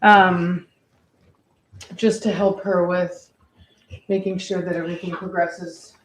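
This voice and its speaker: Soft-cooing woman, distant and echoey. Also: lowish voice, flat delivery, takes it slowly. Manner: soothing, coos to a dog in labor. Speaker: dog breeder filming a whelping. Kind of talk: casual vlog. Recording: echoey room from far off, noisy.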